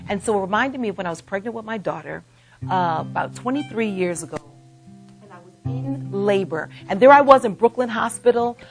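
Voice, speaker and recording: A woman in her forties hosting a talk show, telling a closing story in a dramatic, building way. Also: on the high side. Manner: dramatic, rising to near-shouting in the story. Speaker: show host. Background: soft guitar music.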